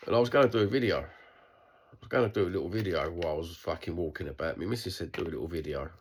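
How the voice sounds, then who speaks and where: A man's voice: sits low, fast, slight background noise. A middle-aged Cockney man from East London talking bluntly in an unscripted video diary, swearing and rambling with restarts. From East London, England. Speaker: vlogger.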